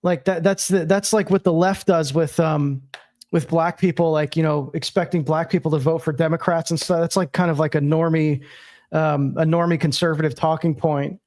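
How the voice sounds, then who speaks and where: A man's voice: on the high side, steady tone, moderate pace, darkish tone. A man hosting a livestream, talking casually and rambling with many fillers. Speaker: livestream host.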